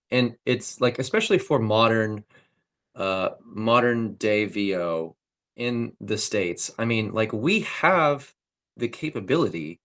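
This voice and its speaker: A young male voice actor chatting in an interview with a somewhat low voice. He talks loosely, with plenty of likes and ums, while he breaks down technique in detail. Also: fairly bright tone. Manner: loose, filler-heavy, technical talk with frequent likes and ums. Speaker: voice actor guest. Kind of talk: casual interview chat.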